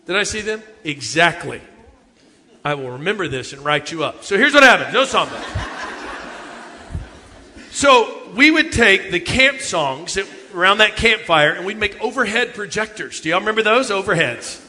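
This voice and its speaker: A man, telling funny youth ministry stories in an animated sermon talk. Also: high voice, normal speed, slight background noise. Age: 50s. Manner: animated storytelling, jokes with the audience. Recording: long hall reverb.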